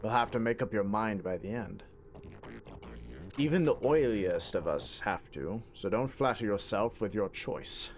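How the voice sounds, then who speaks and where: A man's voice: on the low side, lively intonation, a little slow, slight background noise. A man doing a sly British-accented fish. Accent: put-on British.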